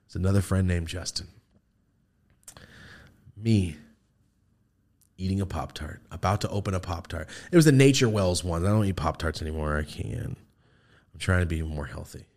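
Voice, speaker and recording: Animated, swearing man telling funny stories. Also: sits low. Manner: profane, animated, laughs often while telling stories. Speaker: podcast host. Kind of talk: casual comedic storytelling.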